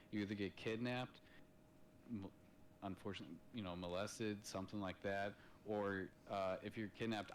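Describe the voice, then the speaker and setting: Casual podcast chat from a thirtysomething dad with a low voice, his storytelling blunt and full of profanity. He's recorded on a podcast mic with a bit of background noise.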